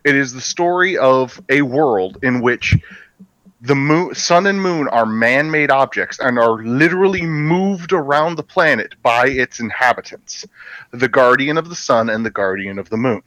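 A man's voice: medium pitch, unhurried, a bit bright, no echo, low-quality recording. A man co-hosting a casual movie podcast, enthusiastically retelling a film's story with rambling restarts. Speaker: podcast co-host.

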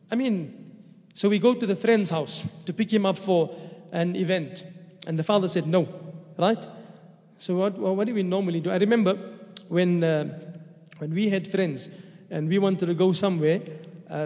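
A high-voiced man with a South African accent preaches with loose, humorous storytelling. He slips into little acted bits of dialogue as he explains the text. His voice rings with the long reverb of a large mosque hall. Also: warm tone. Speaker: imam giving Quran commentary. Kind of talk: sermon.

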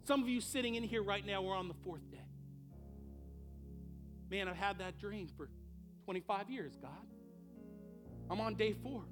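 A man's voice: sits high, moderate pace, long pauses, music in the background. A man preaching a sermon as pastor, acting out the people in the story and building to impassioned peaks. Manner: acts out quoted voices in dialogue.

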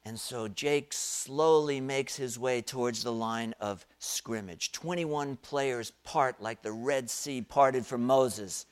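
A male pastor delivers a sermon at an unhurried, deliberate pace. He tells his story with dramatic pauses and lets his volume swell at the big moments. His pitch sits in a middle range for a man. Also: smooth.

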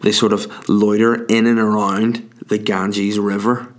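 A man's voice: on the low side, flat delivery, unhurried. A man delivering a profane, rambling comic rant, worked up and exaggerating. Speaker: comedian.

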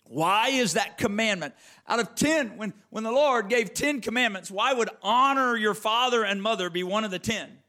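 A man's voice: high-pitched, expressive, normal speed, hardly any pauses, sharp tone. A male pastor preaching a sermon, emphatic and repetitive, calling on listeners by name. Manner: emphatic, repeats phrases, calls on listeners by name.

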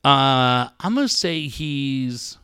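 A man's voice: medium pitch, lively intonation, takes it slowly, sharp tone, smooth, no echo, clean studio sound. A man hosting a casual talk show who swears freely and exclaims a lot. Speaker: host. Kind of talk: casual chat.

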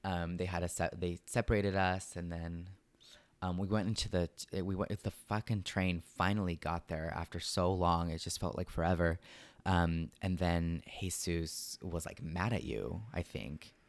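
A man telling a story in casual chat, animated, acting out quotes, swearing, and dropping Spanish words into his English. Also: deep voice, moderate pace, no echo. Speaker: podcast co-host.

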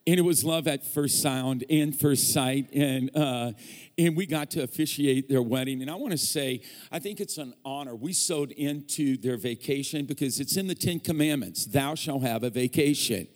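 A man's voice: medium pitch, moderate pace. Joking male preacher in a reverberant church. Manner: joking, teasing banter with the congregation. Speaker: guest preacher. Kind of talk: sermon. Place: church sanctuary. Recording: long church hall reverb.

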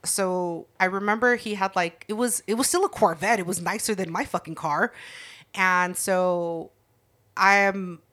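A woman in casual podcast chat, telling a neighborhood story with heavy swearing. She jumps into loud acted-out voices for the people she describes. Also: mid-range voice, measured pace. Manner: profane, animated, acts out voices.

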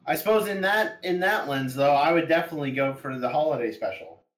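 A podcast host in casual chat who reads questions and cracks deadpan jokes. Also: medium pitch, fast talker. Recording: echoey room.

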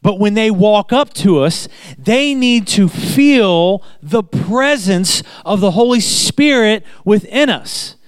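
High-voiced man preaching conversationally. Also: expressive, slow pace, smooth, no echo. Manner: chatty, repeats phrases for emphasis, tells anecdotes. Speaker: pastor. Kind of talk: conversational sermon.

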